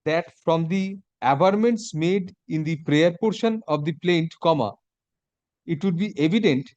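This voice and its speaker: Judge, man, dictates orders slowly with spoken punctuation, higher voice, dry close sound. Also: darkish tone, no room sound, lo-fi sound. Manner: measured dictation, reads punctuation aloud. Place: courtroom.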